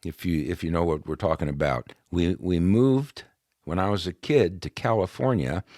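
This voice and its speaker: A man with a very low, deep voice tells his personal testimony as a podcast guest. He is from New York and talks in an easygoing, conversational way, with plenty of "uh" fillers. The sound is close and dry. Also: normal speed, no echo. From New York, USA. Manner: conversational, with frequent "uh" fillers and soft laughs.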